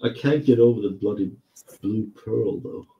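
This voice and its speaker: A man hosting a casual hobby stream, with a husky voice and a cold, swearing freely and often restarting his words. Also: lowish voice, normal speed, lo-fi sound. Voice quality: husky whiskey voice. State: sniffly, with a cold. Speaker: stream host.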